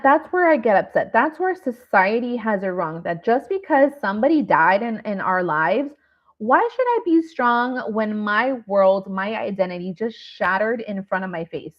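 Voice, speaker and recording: Female nurse-host, candid and rambling, unhurried delivery, dull lo-fi audio. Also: mid-range voice. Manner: raw, rambling, heartfelt, with many fillers. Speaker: nurse hosting a grief masterclass. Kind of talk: candid live online talk.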